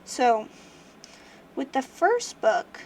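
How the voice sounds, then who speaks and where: A woman's voice: high voice, very animated, very slow, darkish tone, a little hiss or hum. A young woman casually chatting on a livestream, rambling with lots of fillers and restarts as she talks through a book. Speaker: livestream host. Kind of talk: casual book review chat.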